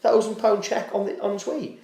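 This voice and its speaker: A podcast guest who co-founded a charity tells a long story in casual conversation, his voice high, creaky and fast. He rambles animatedly, keeps restarting, and piles up "I said" again and again. The room has a noticeable echo.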